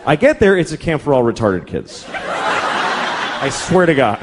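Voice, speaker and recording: A middle-aged man doing stand-up comedy, profane and exasperated, jumping into quick acted-out characters. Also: mid-range voice, very animated, a loud crowd. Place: comedy club stage. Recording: live club set with audience laughter and noise. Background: audience laughter and room noise.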